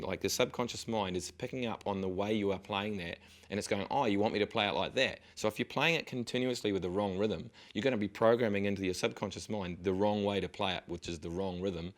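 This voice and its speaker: A man teaching a guitar lesson, patiently counting strokes step by step and encouraging the viewer. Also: fairly low pitch. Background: guitar playing.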